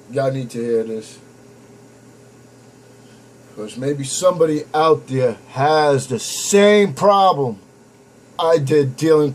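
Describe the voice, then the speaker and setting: A man's voice: mid-range voice, darkish tone, slight background noise, low-quality recording. Blunt young man telling his story. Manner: blunt, profane, addresses viewers as folks. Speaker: vlogger. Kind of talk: personal storytelling to camera.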